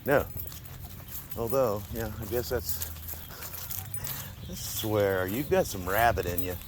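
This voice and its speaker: Man coaxing his dog, lively swings. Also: lowish voice, slow pace, noisy background. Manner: coaxing and exasperated, chuckling, scolding the dog. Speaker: dog owner. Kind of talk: casual talk to his dog. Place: outdoors near a house and garage.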